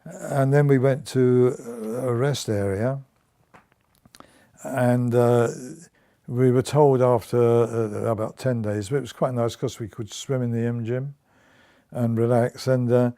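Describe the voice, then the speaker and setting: Speaking slowly in a steady, mellow, medium-pitched voice, an elderly man looks back on his time in the war during an oral history interview. He laughs now and then and often starts his sentences over as he tells his stories.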